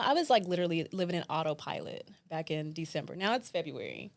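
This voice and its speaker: A woman's voice: on the low side, sing-song, fairly quick, few pauses. A woman, co-hosting a casual chat. She talks emotionally, laughs often and says "like" a lot. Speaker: podcast co-host.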